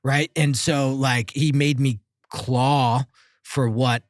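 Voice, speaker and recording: A man's voice: mid-range voice, fairly even intonation, dry recording, clean studio sound. A man, hosting a podcast in a chatty, affirming way. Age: 40s. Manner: chatty, affirming, quick interjections. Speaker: podcast host. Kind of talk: casual podcast interview.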